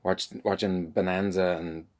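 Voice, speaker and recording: A man's voice: low voice, level tone, a little slow, a little mellow. A middle-aged man with an Irish accent, chatting casually and making dry, wry jokes. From Ireland. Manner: dry joking, wry asides. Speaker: podcast co-host, husband. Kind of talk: casual chat.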